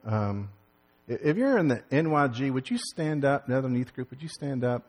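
A man's voice: mid-range voice, expressive, normal speed. A man leading a congregation as pastor, giving folksy church announcements and opening remarks. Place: church sanctuary. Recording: long hall reverb.

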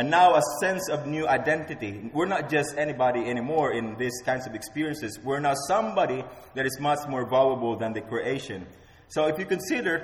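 A man's voice: on the high side, a little hiss or hum. A man preaching a sermon as pastor, emphatic and repeating key words for effect. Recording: roomy hall with long reverb.

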